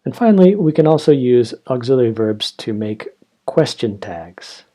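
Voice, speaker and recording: A man's voice: medium pitch, big pitch swings, warm tone. A man teaching English grammar, explaining carefully and reading example sentences aloud. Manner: slow, explanatory, reads example dialogues aloud. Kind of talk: grammar lesson.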